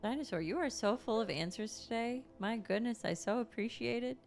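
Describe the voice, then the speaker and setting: A woman's voice: fairly high pitch, a little fast, gravelly. A woman streaming a video game, chatting casually and reacting aloud to what happens and to her chat. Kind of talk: casual gameplay commentary.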